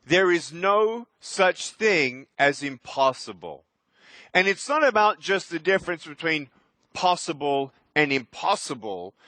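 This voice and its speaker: A man in his thirties giving a keynote as a motivational speaker, energetic and emphatic, with sudden loud bursts. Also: sits high, no echo. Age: 30s. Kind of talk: keynote speech.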